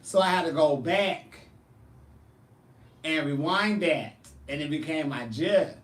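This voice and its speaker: A man with a higher-than-usual voice, chatting casually with viewers as a drag performer and show host. He tells animated, profane stories, and he sits back from the mic in a roomy space. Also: slow, recorded from a distance. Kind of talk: casual chat answering viewers.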